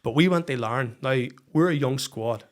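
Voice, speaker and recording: A man with a Northern Irish accent, a football coach guesting on a podcast, telling a story in a lively, swearing, casual way. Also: medium pitch, normal speed. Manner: animated, swears freely, acts out heated quotes.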